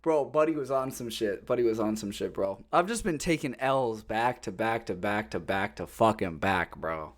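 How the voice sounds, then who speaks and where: With a fairly low pitch, a moderate pace, and hardly any pauses, this Florida man hosts a casual podcast. He tells animated stories, swears freely, and acts out the callers and people he describes.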